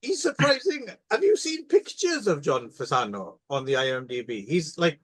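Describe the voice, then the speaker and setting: A man's voice: on the high side, sing-song, normal speed, fairly bright tone, breathy edge, no room sound. A man hosting and editing a podcast, chatting casually in a rambling, hesitant way. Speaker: podcast host and editor. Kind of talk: casual chat.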